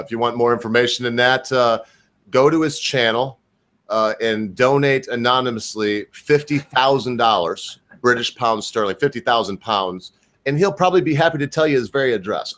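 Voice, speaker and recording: A man's voice: mid-range voice, fairly bright tone. Brash rambling man hosting a live stream. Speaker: host. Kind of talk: live-stream talk show.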